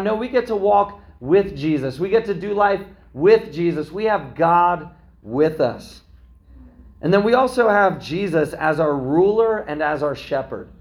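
A pastor, a parent somewhere between young adulthood and middle age, preaches in a conversational style and keeps checking in with listeners through frequent "right?" asides. His voice sits high and sounds gravelly.

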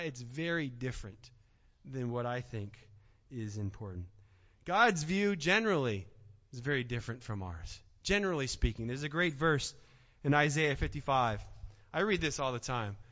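High, bright-voiced preaching man. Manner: dynamic, swings from hushed to shouting. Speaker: pastor. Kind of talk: sermon. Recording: dull sound, long hall reverb.

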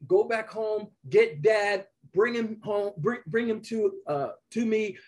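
A man playing a forgiving brother in a quick, casual, reassuring way during a sermon. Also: high voice.

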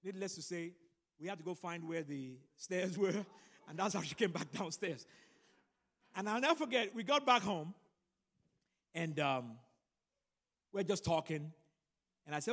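A middle-aged man preaching a sermon and telling a personal story, animated and building to loud emphatic peaks. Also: high-pitched, moderate pace, long pauses. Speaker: pastor. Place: large church room. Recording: long hall reverb.

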